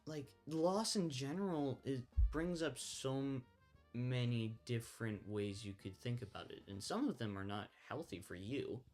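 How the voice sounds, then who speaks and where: A man's voice: medium pitch, normal speed, darkish tone. A young man with a mid-range voice co-hosts a casual Bible discussion podcast. He sounds exasperated and keeps pulling the talk back on topic. Faint music plays behind him. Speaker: podcast co-host.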